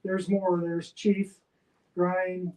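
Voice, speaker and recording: A woman's voice: on the low side, flat delivery, warm tone. Rambling woman, echoey and distant. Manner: halting, rambling explanations. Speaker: paranormal investigator. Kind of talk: casual chat. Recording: roomy, distant voice.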